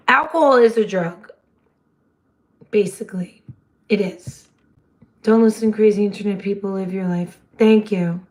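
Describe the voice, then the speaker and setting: A woman, hosting a casual livestream chat in a slightly hoarse voice and laughing often. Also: mid-range voice. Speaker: livestream host.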